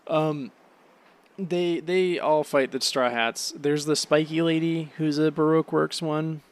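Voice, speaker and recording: A sleepy, yawning man hosting a podcast, rambling through a casual solo recap with lots of "um"s and swearing, now and then bursting into high, excited gushing. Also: measured pace, smooth. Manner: rambling, offhand, peppered with swearing and "um"s. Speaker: podcast host.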